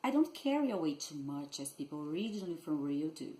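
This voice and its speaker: A woman's voice: sits low, very animated, fairly quick, mellow, poor audio. A woman from Rio de Janeiro state with a Brazilian Portuguese accent, teaching a Portuguese lesson and carefully demonstrating pronunciations. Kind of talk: language lesson.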